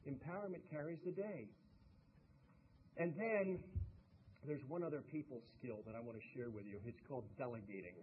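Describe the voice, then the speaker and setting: Older male motivational speaker, animated and humorous, middle pitch, tinny lo-fi recording with faint hiss. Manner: animated and humorous, rising to loud punchlines. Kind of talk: speech to a live audience.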